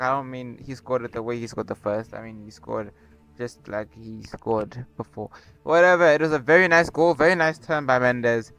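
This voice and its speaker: A young man commentating a football video game on a borrowed microphone, with excitable play-by-play and rambling asides. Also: mid-range voice. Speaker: gaming YouTuber. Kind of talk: casual gameplay commentary. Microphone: borrowed cheap microphone.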